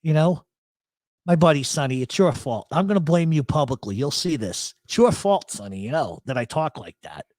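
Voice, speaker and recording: A man's voice: fairly high pitch, very animated, moderate pace, a little mellow, no echo. A man hosting a live talk show, with a South Philadelphia accent picked up over the years, rambling and swearing through his stories. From Rhode Island. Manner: rambling, profane, storytelling. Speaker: radio show host.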